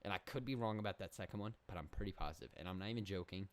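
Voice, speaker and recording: A man's voice: low-pitched, very fast, clear, resonant tone. A young man hosting a comedic solo podcast, rambling in a mock-serious way and correcting himself as he goes. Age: young adult. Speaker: podcast host.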